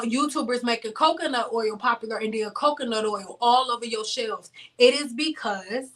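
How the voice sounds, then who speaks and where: A beauty channel host speaks on a livestream in a sharp, fairly high voice, positioned far from the mic. She addresses her viewers bluntly and preachily, repeating her points.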